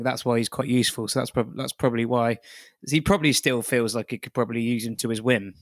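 A man chats about a book, circling his point with halting restarts. The recording is dry, with no room echo. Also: mid-range voice, a bit bright. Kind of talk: casual discussion of a book.

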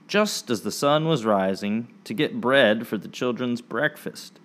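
A man narrating a storybook episode in an expressive, animated storytelling manner. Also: mid-range voice.

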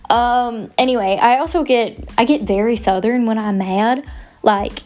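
Chatty, rambling young woman, higher voice. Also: unhurried, darkish tone. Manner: chatty, rambling, goofy, self-mocking. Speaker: podcast host. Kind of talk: casual rambling chat.

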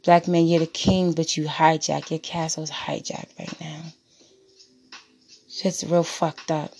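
A woman's voice: low voice, flat delivery, takes it slowly, darkish tone, a little hiss or hum. Blunt, preachy woman ranting over music. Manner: preachy, blunt and profane, repeats phrases for emphasis. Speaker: podcast host. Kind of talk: impassioned monologue.

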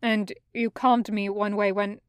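A woman reading the lines of a young male cadet, hoarse and halting as he reports to a superior, in a crisp close recording. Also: medium pitch, level tone, no echo, natural voice. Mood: strained.

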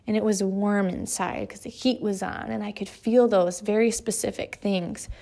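A woman's voice: medium pitch, steady tone, moderate pace, dark tone. A woman in her thirties, an author, speaking earnestly in a motivational monologue, stressing points by repeating phrases in lists.

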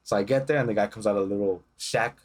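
A man's voice: lowish voice, quick pace. A young man co-hosting a podcast, telling casual, profane stories and acting out the voices of the people in them. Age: young adult. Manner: profane, animated storytelling with acted-out quotes. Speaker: podcast co-host. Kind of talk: casual chat.

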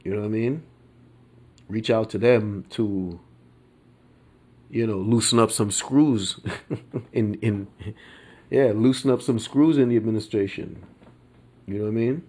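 Slow, low-voiced man musing casually. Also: darkish tone. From United States. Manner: slow and meandering, many fillers and restarts; laid-back, colloquial speech. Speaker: podcast host. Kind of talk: casual opinion monologue.

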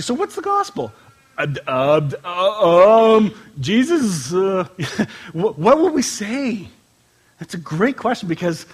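Animated, husky-voiced man preaching. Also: fairly high pitch. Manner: conversational, emphatic, playful asides, drawn-out scripture reading. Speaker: pastor. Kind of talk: informal sermon with scripture reading. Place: church sanctuary with a congregation.

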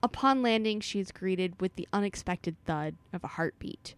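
A woman's voice: mid-range voice, clean tone, dry recording. A woman co-hosting a podcast, reading chapter summaries and laughing through casual chat. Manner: slow, giggly, reads summaries. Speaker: podcast co-host.

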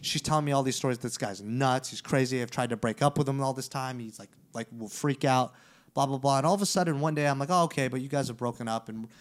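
A man hosting a podcast, telling a story in casual chat, animated and profane, acting out the lines of the people in it. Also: medium pitch, fast talker. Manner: animated, profane, acts out quoted dialogue. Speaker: podcast host.

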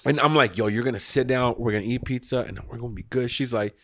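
A man's voice: mid-range voice, fast talker, fairly bright tone, no echo, studio quality. Rambling man telling a story. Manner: rambling, acts out quotes, swears freely. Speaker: podcast host. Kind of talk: casual storytelling chat.

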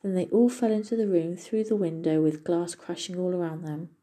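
A woman reading a fairy tale aloud as a storyteller, in a steady, gentle manner. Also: lowish voice, a little fast. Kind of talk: storybook narration.

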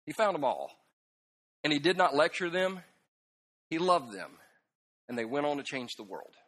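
A man preaching a humorous sermon, telling emotional stories, dropping soft and then bursting out laughing and loud. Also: on the high side, moderate pace. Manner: animated storytelling, swings from hushed to loud laughing outbursts. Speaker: pastor. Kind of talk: sermon with self-deprecating humor.

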